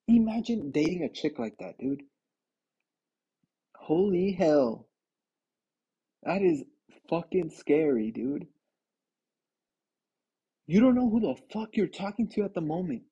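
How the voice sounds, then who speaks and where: A young man with a husky voice rambles through a casual podcast rant, swinging his pitch up and down as he tells stories. He swears freely, laughs at his own jokes and keeps throwing in "dude.". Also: takes it slowly, long pauses, lo-fi sound. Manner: animated, swearing, laughing often, says dude a lot. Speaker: podcast host.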